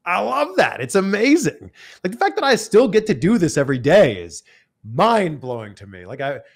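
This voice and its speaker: A man's voice: high-pitched, moderate pace, gravelly, slightly rough. A Canadian man, a TV host and entertainment reporter, talking as a guest in a casual interview, upbeat and full of "like" fillers. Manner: animated, enthusiastic, many "like" fillers.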